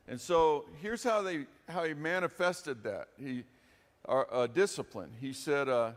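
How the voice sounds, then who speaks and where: Male pastor at mid pitch, chatty sermon delivery in a reverberant church hall. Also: lively intonation, measured pace. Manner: conversational and folksy, with frequent asides. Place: church sanctuary.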